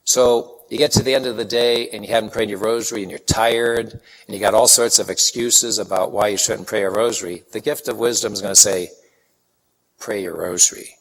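Guy from chicago preaching, kinda low voice, folksy storytelling, big hall echo. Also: fairly quick, hardly any pauses. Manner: folksy, animated anecdotes with acted-out quotes. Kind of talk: sermon with storytelling. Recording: long hall reverb.

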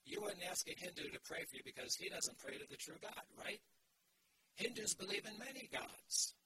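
A man's voice: sits high, normal speed, background noise. A man giving a sermon to a live group, lecturing emphatically and telling stories in asides. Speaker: preacher.

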